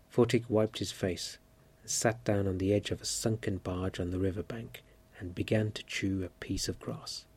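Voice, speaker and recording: A man reading a story aloud at a measured pace, lifting his voice for the characters' shouts. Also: on the low side, slightly rough. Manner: steady, measured reading with lively lifts for quoted cries. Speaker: narrator.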